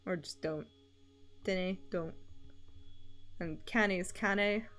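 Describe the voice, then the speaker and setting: A woman's voice: lowish voice, takes it slowly, fairly bright tone, soft background music. Rambling woman chatting on stream. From Scotland. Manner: rambling, laughs often between thoughts. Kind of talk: casual chat while drawing on stream.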